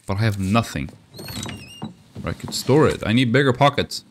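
A man with a lowish voice and lively intonation talks at a moderate pace over slight background noise. In casual let's-play commentary, he jokes around while playing a survival horror game and talks back to the characters on screen.

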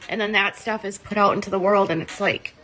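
A woman's voice: medium pitch, steady tone, brisk, pushed and bright, faint music behind, low-quality recording. Woman, livestream host, emotional, indignant, rambling, fillers.

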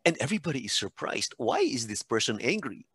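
Male podcast explainer, animated delivery that walks through examples, lively pitch. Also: fairly quick, husky, dry recording. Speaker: podcast co-host, doctor explaining psychology.

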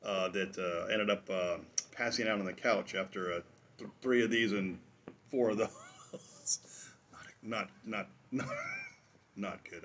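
A man's voice: on the low side, steady tone, slow pace, pauses often, fairly bright tone, lo-fi sound, slight background noise. Rambling, jokey man hosting a tasting. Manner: rambling and jokey, with asides and chuckles. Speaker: host of a drinks review show. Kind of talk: casual tasting review.

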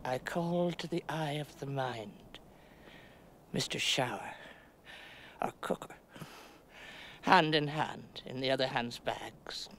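An actress playing a stoic middle-aged woman, giving a slow, halting stage monologue with long pauses. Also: very deep voice, a bit bright, a little hiss or hum, full character voice. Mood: musing.

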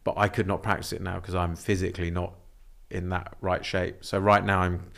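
A young man speaking as a podcast guest, talking in a relaxed, reflective way with loose, meandering phrasing. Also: low voice, normal speed, gravelly. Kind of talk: casual conversation.

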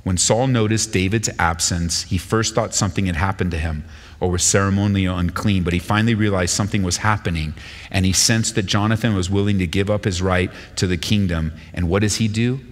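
A male pastor giving a sermon and reading scripture aloud, with an animated delivery that jumps higher in pitch when he quotes speakers. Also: brisk. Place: church sanctuary. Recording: long hall reverb.

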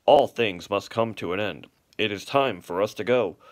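A man's voice: fairly low pitch, normal speed, close to an everyday voice. A man doing a pompous father swan. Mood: lecturing. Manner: grand, lecturing, flowery speeches. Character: adult male swan father, pompous and long-winded. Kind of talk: storybook read-aloud.

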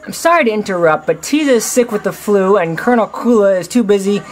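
A man voicing an eager young male bird messenger, speaking high and hurried. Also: animated, low-quality recording.

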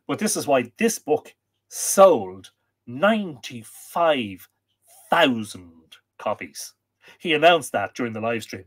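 Irish man hosting a chatty livestream. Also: mid-range voice. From Ireland. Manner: chatty, reads viewer comments aloud, many fillers. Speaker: livestream host. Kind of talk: casual livestream chat.

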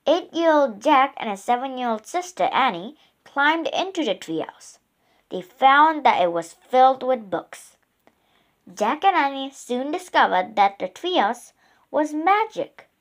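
A woman narrating a children's storybook in a slow, expressive reading voice. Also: high-pitched.

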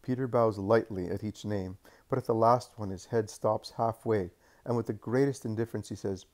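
A man reading a religious story aloud as narrator, steady with small self-corrections. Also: lowish voice, normal speed.

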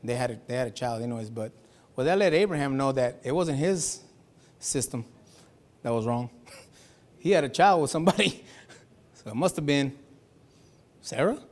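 A man pastor preaching a Sunday sermon in a church, talking in a loose, slangy way, sometimes shouting and sometimes dropping to a hush. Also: mid-range voice, expressive, normal speed, long pauses. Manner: conversational preaching with slangy asides and laughs; swings from shouting to hushed.

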